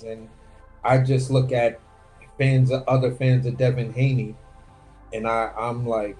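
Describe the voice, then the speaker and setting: An animated man cohosting a casual boxing live stream, cursing freely and dropping into quick impressions. His voice sits at an ordinary middle pitch. Faint music plays behind him. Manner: animated, profane, slips into impressions. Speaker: boxing commentary co-host.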